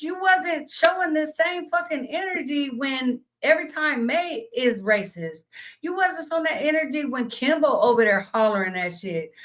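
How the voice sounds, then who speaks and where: A woman's voice: high-pitched, fairly bright tone, rough recording. Cussing, indignant woman streamer. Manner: blunt, cussing, indignant, reads chat aloud. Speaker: livestream host. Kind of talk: heated profane rant to stream chat.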